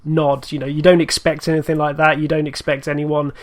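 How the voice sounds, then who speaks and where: Higher-pitched man, flat steady voice. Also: a little fast. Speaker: podcast guest. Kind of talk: casual podcast chat.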